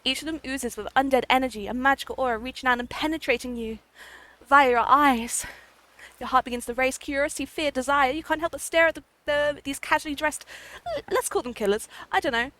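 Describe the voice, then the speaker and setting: A woman streams a game live, chatting playfully with her viewers, giggling often, and reading the game's text out loud. Her voice sits high and sounds brisk and a bit bright, with faint game music behind her.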